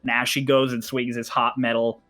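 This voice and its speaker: Male game master, mid pitch, giggly, light music under the voice. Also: flat delivery, moderate pace, bright, forceful tone. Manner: laughs a lot, stumbling restarts. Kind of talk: narrating a tabletop game.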